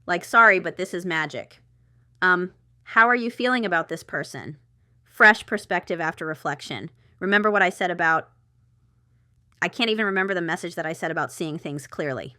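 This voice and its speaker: Tarot reader woman, smooth clear tone, bright; talks casually, excitable, full of fillers. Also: fairly low pitch, moderate pace, dry recording, studio quality. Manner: chatty, excitable, thinks aloud with many fillers. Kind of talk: casual tarot reading monologue.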